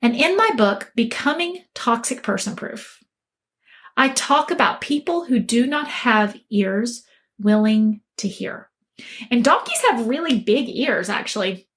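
A woman's voice: a little high, lively intonation, measured pace, fairly bright tone. A woman relationship coach giving an upbeat, motivational talk and telling a story along the way.

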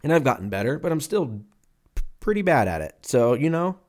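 Young male podcast host, twenties, mid-pitched voice, rambling, swearing, self-mocking chatter at a desk mic. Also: big pitch swings, fairly quick, darkish tone. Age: 20s. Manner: rambling, profane, self-mocking with frequent laughs. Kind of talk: casual solo podcast rant. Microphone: podcast mic at a computer.

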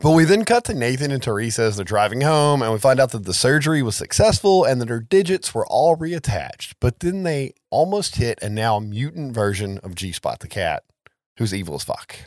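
A man's voice: mid-range voice, very animated, normal speed, no room sound, studio quality. A man casually recapping a film's plot as a podcast co-host, talking loosely with plenty of swearing and filler words. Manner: loose, profane storytelling with many "like"s. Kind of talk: casual chat.

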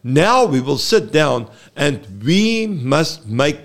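A man, a therapist, explaining earnestly in an interview, halting often with fillers. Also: fairly high pitch, big pitch swings. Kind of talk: explaining in a talk-show interview.

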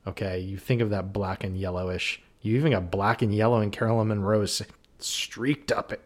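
A man in a loose, joking podcast conversation, wandering through his points with plenty of ums. His voice sits somewhat low. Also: fairly even intonation, normal speed. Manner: jokey, rambling, many fillers. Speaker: podcast co-host. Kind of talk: casual chat.

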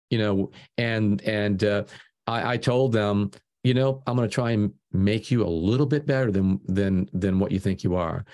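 A man speaking as a guest producer in a casual interview. His pitch sits in an ordinary middle range. He rambles and doubles back on words while he explains. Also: a little mellow. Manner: rambling, repeats words often as he thinks.

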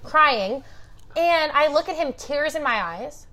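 A woman's voice: sits high, takes it slowly. A young woman telling a wild dating story in casual chat, swearing freely and acting out what people said. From Italian family. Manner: animated, swearing, acting out quotes.

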